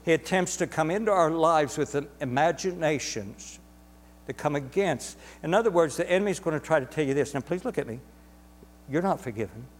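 A man's voice: fairly high pitch, a little fast, in a large hall, a little hiss or hum. A man preaching a sermon to a congregation, emphatic and repetitive, drawing words out for stress. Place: church sanctuary.

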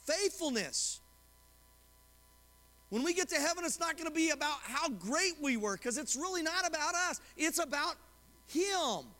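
In a church sanctuary, a male pastor preaches a sermon, reading scripture, retelling a story with quoted voices, and often asking the congregation questions. His very high voice is animated, pushed and bright, at a moderate pace, followed by a long reverb tail.

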